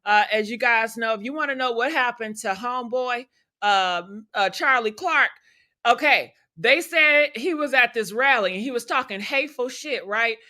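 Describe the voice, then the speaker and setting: A woman's voice: on the high side, moderate pace, bright, forceful tone. A woman hosting a livestream, giving blunt, profane commentary and talking to her chat. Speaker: livestream host.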